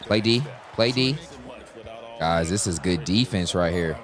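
Young male gamer, live play-by-play, very animated pitch, bursts into shouts. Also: measured pace, music in the background. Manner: excitable, talks to teammates, shouts at big plays. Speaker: gaming YouTuber. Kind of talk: live gameplay commentary.

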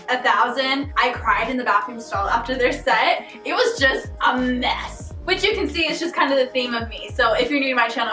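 A woman's voice: high voice, pushed and bright, far from the mic. A young woman gushing and squealing as she reacts to a music video, laughing and swearing often. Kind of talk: excitable reaction vlog. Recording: echoey room, voice off-mic, music playing.

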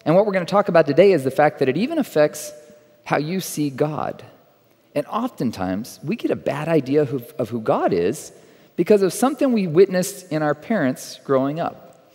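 A guest pastor from Texas delivers a sermon in a conversational, joking way, weaving humor into his teaching. His voice sits a bit high for a man. It rings out with a long reverb through a church hall. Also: big pitch swings, normal speed, darkish tone, husky. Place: church sanctuary.

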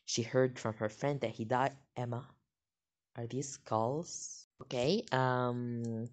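A woman reading a text story aloud and commenting on it in an excitable, jokey way. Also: a bass voice, takes it slowly. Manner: excitable, jokey, reacts with gasps and laughs. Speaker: story reader.

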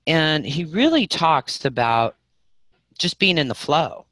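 A middle-aged woman teaching a live online spiritual class, telling stories with big swings between loud and soft. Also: low-pitched, sing-song, slow pace, no echo.

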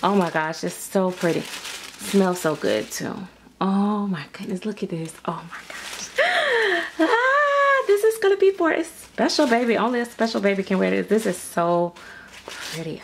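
A woman's voice: fairly low pitch, gravelly. A woman unboxing mail at home, gushing and gasping as she chatters. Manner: gushing, excitable, gasping and repeating phrases. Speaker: vlogger opening mail. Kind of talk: casual unboxing chat. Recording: noisy home recording.

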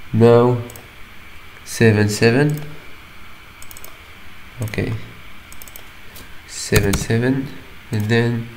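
A man narrating a screen-recording tutorial step by step, often pausing on "okay" between steps. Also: medium pitch, a little mellow, slight background noise, low-quality recording. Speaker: tutorial maker.

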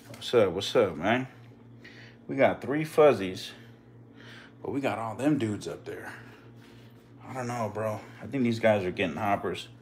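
A man's voice: on the low side, unhurried, long pauses, a little mellow, slight background noise. A man casually chatting to his live-stream viewers and his snakes while feeding them, in slangy, swearing talk. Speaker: reptile keeper streaming live. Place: indoors by snake enclosures.

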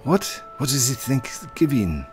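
A man voicing a polite male painter shopkeeper in a game, in a made-up accent with a raised pitch. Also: huge pitch swings, slow, heavily acted. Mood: polite, surprised. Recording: game music behind.

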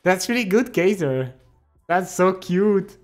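A young man with a French accent chats slowly and unhurriedly with his stream audience, his voice sitting a little high. He teases and laughs a lot, stopping and restarting as he hunts for English words, while soft music plays faintly underneath. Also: expressive. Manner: laughs often, playful and teasing, speaks English with pauses and restarts. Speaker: live streamer. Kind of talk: casual chat, reading out viewer comments. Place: home streaming setup.

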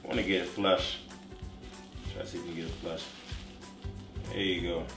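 A young man hosting a comedic cooking show, talking in a playful, energetic way. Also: low voice, moderate pace. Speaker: comedian host. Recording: echoey room, light music.

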